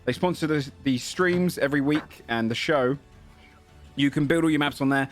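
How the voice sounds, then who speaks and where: A man's voice: fairly high pitch, normal speed, soft background music. A man hosting a tabletop game stream, joking and self-mocking, then reading a sponsor spot. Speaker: game master and show host. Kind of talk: casual chat and sponsor read.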